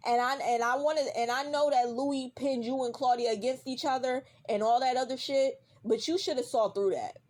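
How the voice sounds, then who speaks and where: A woman's voice: sits high, steady tone, moderate pace, hardly any pauses, darkish tone. A woman ranting directly at a TV character in a casual reaction vlog, heated and profane, repeating lines for emphasis. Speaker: vlogger.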